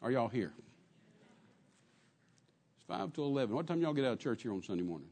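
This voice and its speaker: A man's voice: medium pitch, very animated, a little fast, creaky, a little mellow, husky, long reverb tail. An older man with a Texan accent preaching a sermon in a church, telling a story with emphatic repetition and calling out to the congregation. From Texas. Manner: emphatic storytelling, repeats phrases, calls out to congregation.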